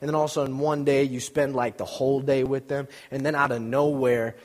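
A young preacher gives a chatty, joking informal sermon, acting out little scenes as he tells stories. His mid-range voice moves briskly with little pitch movement, and a long hall reverb surrounds him.

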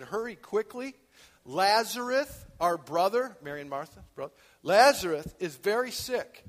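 High-voiced preacher in a reverberant church. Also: male voice. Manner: preaching with dramatic swings from low talk to shouting. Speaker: pastor. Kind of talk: sermon.

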